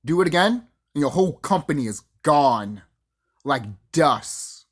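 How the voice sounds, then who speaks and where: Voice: medium pitch, animated, unhurried, breathy edge. A vlogger delivering a profane, boastful ranting monologue to the camera, acting out the people in the story. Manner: profane, boastful, acts out quoted voices.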